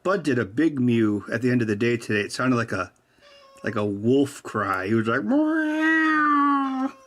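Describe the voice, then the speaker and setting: A man's voice: medium pitch, normal speed. A man hosting a casual livestream while he works, rambling along with dry, teasing humor. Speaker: host of a hardware hacking stream.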